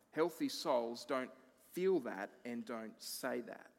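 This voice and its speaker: A man preaching a sermon as pastor, expressive, moving between emphatic lines and hushed ones. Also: medium pitch, slow, gravelly, long reverb tail.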